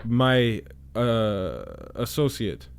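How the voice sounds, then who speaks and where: A man's voice: medium pitch, sing-song, very slow, creaky. A man doing crude, rambling stand-up comedy with many fillers. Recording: loud noise and clicks.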